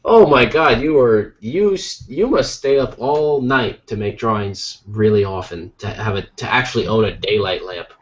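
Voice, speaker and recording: An American man co-hosting a podcast, telling jokey stories in a lively, casual way while tired from little sleep. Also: lowish voice, moderate pace, hardly any pauses, lo-fi sound. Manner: animated, jokey storytelling. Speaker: podcast co-host. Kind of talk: casual chat.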